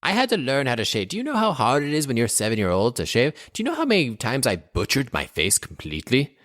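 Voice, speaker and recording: A young man playing a tabletop game who complains in character and narrates the scene, often exasperated and whiny, with sudden high squeaks. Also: wildly swooping pitch, quick pace, a bit bright, no room sound, clean studio sound. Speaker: player.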